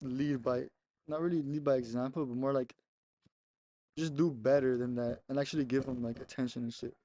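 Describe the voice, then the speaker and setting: A man's voice: mid-range voice, fairly even intonation, fairly quick, mellow, a little hiss or hum. A young man casually telling a rambling story on a podcast, laughing often and swearing between many "like" fillers. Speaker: podcast co-host.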